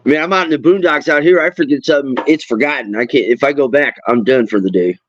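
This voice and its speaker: A middle-aged man hosting a casual chat while fishing, an animated storyteller who swears freely and acts out the people in his stories. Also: medium pitch, fast talker, dry recording. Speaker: host. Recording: dull lo-fi sound.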